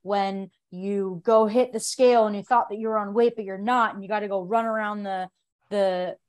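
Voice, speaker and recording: A woman's voice: mid-range voice, steady tone, normal speed. A woman from the United States, a jiu-jitsu athlete on a podcast, talking earnestly in long, run-on thoughts. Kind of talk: casual conversation.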